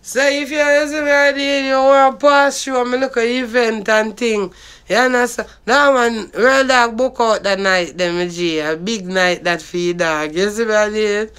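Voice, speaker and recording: A man's voice: very high voice, steady tone, moderate pace, a bit bright, clean tone. A man with a Jamaican accent rambling and swearing in patois as he promotes his own party. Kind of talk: rambling vlog monologue.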